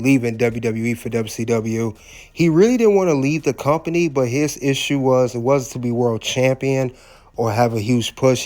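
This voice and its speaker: A man's voice: mid-range voice, a little mellow. A man hosting a commentary recap, speaking hesitantly with frequent filler words. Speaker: wrestling commentary host.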